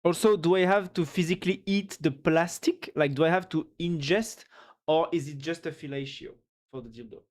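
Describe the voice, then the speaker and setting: A man's voice: on the high side, moderate pace, darkish tone. Male streamer with a French accent, loose and rambling, answers chat and thanks followers, casual live chat. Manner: chatty, reads chat aloud and thanks followers; rambling, with fillers and giggles.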